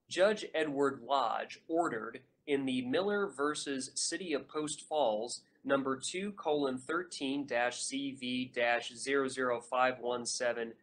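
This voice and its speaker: A man reads his own nonfiction book aloud in a steady, earnest voice of ordinary pitch. He keeps a measured pace and leans hard on the words he wants to land. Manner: measured, earnest reading with emphatic stresses. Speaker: author reading his own audiobook. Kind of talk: audiobook narration of nonfiction.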